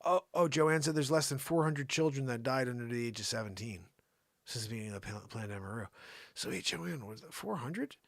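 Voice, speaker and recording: A man hosting an improvised comedy news show, talking in a mocking, animated way to an imaginary co-host. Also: mid-range voice, a little fast, no echo, studio quality.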